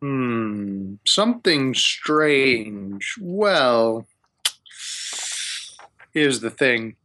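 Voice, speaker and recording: A haughty wizard, put on by a man running a tabletop game who drags each phrase out slowly and lingers on thoughtful hums. He sounds lofty and a little sly, with an old-fashioned, condescending turn of phrase. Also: mid-range voice, big pitch swings, gravelly, bright, forceful tone, a little hiss or hum, exaggerated voice. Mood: haughty, scheming. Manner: slow, drawn-out phrases with musing hums. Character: pompous scheming male wizard, drawn-out speech. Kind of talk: tabletop role-play voice.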